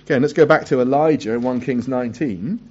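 A man preaching a sermon who asks his listeners questions and reads scripture aloud in a hushed voice. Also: medium pitch, fast talker. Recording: dull lo-fi recording.

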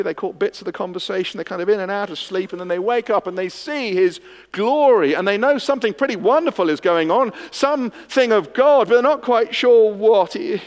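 Man preaching with hall reverb. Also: high-pitched. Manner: expository, swings from hushed to emphatic. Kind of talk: sermon.

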